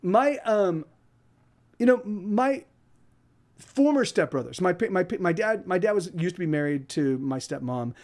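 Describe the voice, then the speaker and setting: A man's voice: high-pitched, lively intonation, unhurried, darkish tone. A man telling an angry, profane story in a rambling way, with many restarts. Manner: quotes others in put-on voices. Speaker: podcast host.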